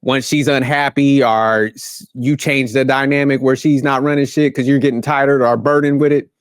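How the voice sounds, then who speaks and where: A man's voice: mid-range voice, fairly even intonation, normal speed, smooth, dry recording. Heated profane man ranting, dry sound. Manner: heated, blunt, profane street-slang rant. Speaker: commentary channel host. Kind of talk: reaction rant commentary.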